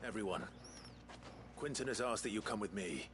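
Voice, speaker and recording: A man playing a calm, protective swordsman. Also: on the low side, moderate pace, background noise, natural voice. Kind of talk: video game cutscene dialogue.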